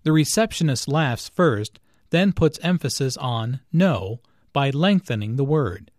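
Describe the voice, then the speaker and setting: Slow, deliberate male lesson narrator. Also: medium pitch, lively intonation, darkish tone, no room sound, studio quality. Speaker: language teacher narrator.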